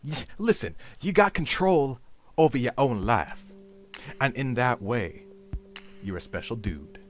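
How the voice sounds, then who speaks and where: A man's voice: medium pitch, lively intonation, measured pace, soft background music. A man hosting a gameplay video, rambling with absurd jokes and calling the listener dude. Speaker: gaming video host.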